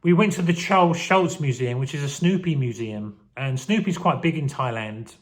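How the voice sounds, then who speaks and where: A man's voice: a little high, lively intonation, moderate pace. A man in his forties reflecting on his childhood in a rambling, heartfelt vlog, getting emotional as he talks. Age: 40s. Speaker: vlogger. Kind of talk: casual personal reflection to camera.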